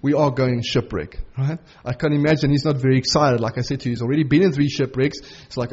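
A middle-aged man preaching a sermon in an earnest, conversational way, slowing right down on key phrases. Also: medium pitch, steady tone, a little mellow, husky, dull audio.

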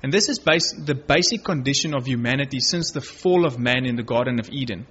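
A man's voice: mid-range voice, a little fast, fairly bright tone, slightly rough. A man preaching a sermon, reading Bible verses aloud and earnestly stressing key words. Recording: dull lo-fi recording.

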